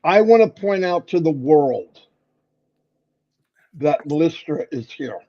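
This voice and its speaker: A man co-hosting a casual livestream, playfully teasing people in a voice that sits on the higher side. His sound comes through a muffled video-call line. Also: lively intonation, takes it slowly. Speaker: livestream co-host.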